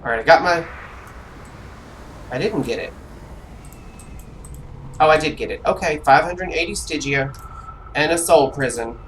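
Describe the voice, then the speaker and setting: A streamer giving live commentary on an online role-playing game, grumbling and talking to themselves with quick reactions. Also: mid-range voice, lively intonation, a little hiss or hum.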